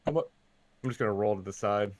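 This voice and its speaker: A man with a lowish voice, taking his turn in a casual tabletop game. He asks about the rules and checks each move before he commits to it. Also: very fast, a little mellow. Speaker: player.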